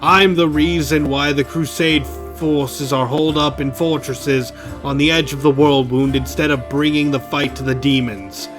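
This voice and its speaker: A man's voice: a little high, steady tone, normal speed, few pauses, music in the background, lightly acted. A man reading as a morose disgraced crusader. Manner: gloomy, weary reading of game dialogue. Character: morose disgraced male crusader, guilt-ridden. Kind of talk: reading game dialogue aloud.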